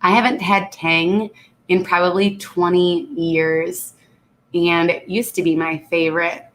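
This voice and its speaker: Woman streamer, lowish voice, chatty and laughing, stuffy nose, casual reading of viewer chat. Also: a bit bright. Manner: chatty, laughs often, reads comments aloud. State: congested. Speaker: channel host reading live chat.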